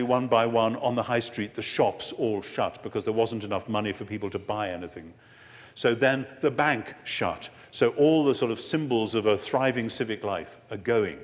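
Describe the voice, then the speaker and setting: An older man giving a sermon-style lecture to an audience, expressive, slowing down for emphasis and moving between soft and loud. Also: fairly low pitch. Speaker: preacher. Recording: long hall reverb.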